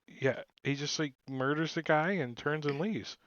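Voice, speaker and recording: A man's voice: on the high side, a little slow, fairly bright tone, dry recording, muffled recording. A man narrating as game master in a loose, rambling way, chuckling as he describes the action. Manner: laid-back, rambling, chuckling.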